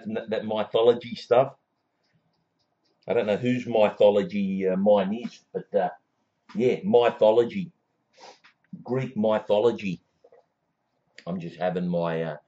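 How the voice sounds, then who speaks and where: A man rambling through a comic monologue for his own show pilot, laughing at his own jokes and breaking into shrill excited shouts, on a dull lo-fi recording.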